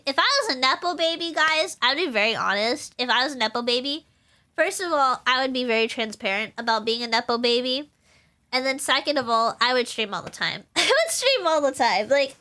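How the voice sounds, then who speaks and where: A young woman VTuber chatting on a live stream, rambling without pausing and laughing often. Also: high-pitched, bright, forceful tone. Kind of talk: casual live-stream chat.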